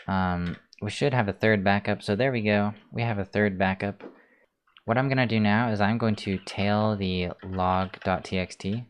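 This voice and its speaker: A man hosting a casual screencast coding tutorial, talking through his steps in a relaxed way with many ums, keyboard clicks heard. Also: deep voice, clear, resonant tone. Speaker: tutorial host.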